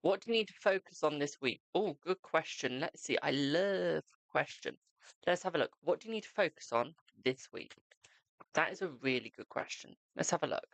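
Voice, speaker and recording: A man's voice: fairly high pitch, animated, moderate pace, creaky, a bit bright, dry recording. A man streaming live, reading tarot cards and chatting with viewers, calling them "my darling". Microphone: desk microphone.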